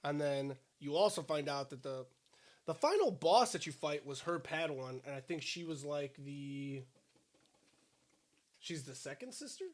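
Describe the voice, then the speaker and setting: Slightly high-voiced man chatting casually. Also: a little slow. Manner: chatty, hedging with "I mean". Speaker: podcast co-host. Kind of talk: casual chat while eating.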